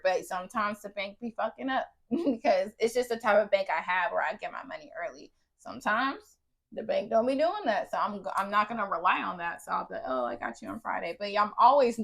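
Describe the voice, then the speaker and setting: A young adult woman co-hosting a podcast in casual chat, animated, laughing often and swearing casually. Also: mid-range voice. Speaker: podcast co-host.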